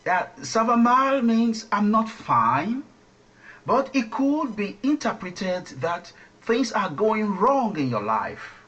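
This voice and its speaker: A man hosts a radio language lesson, drilling greetings slowly and having listeners repeat each phrase. His pitch swings widely and expressively from word to word. He takes his time, coaching patiently. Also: very animated, fairly bright tone, lo-fi sound. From Nigeria. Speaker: French language teacher and radio host.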